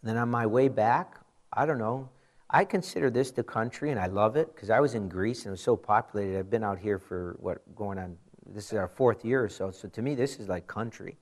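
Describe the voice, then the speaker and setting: A man in his forties, a pastor, giving a conversational sermon with animated storytelling and frequent asides. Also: fairly low pitch, brisk.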